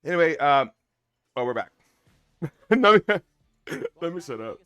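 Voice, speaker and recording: A man's voice: a little high, very animated, unhurried, sharp tone, clean tone, dull audio. A man hosting a live stream, chatting casually with his viewers and joking as he explains the sport. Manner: chatty, joking, addresses chat as y'all. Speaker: livestream host. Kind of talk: casual watch-along chat.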